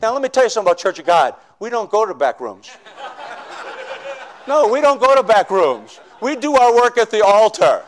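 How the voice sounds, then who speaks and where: A male preacher telling his conversion story in a sermon, swinging from loud shouts to hushed confession. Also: high voice, very animated, normal speed. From northern United States. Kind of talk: sermon testimony.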